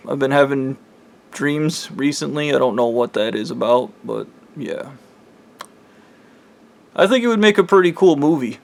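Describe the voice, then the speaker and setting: Man, casual vlog talk, rambling, lots of filler words, swears, mid-pitched voice. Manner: rambling with constant "like" fillers and profanity. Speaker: vlogger. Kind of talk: casual dream retelling.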